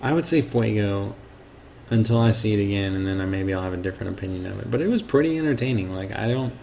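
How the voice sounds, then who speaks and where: A man's voice: lowish voice, quick pace, gravelly, warm tone, slight background noise. A man co-hosting a casual movie review, joking and quoting scenes in put-on voices. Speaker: podcast co-host.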